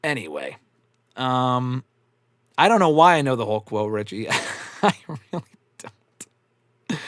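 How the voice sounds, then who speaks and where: Animated, swearing live-stream host. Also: male voice, mid-range voice, dry recording, clean studio sound. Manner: swears often, laughs a lot, animated and rambling. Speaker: host answering live chat. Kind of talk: casual live-stream chat.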